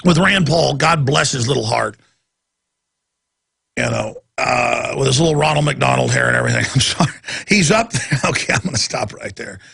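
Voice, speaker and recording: A male talk radio host with a gravelly, raspy voice, ranting hard and sarcastically. His tone is forceful and sits a little on the high side for a man. He runs heated political commentary in a driving delivery. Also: very animated, normal speed.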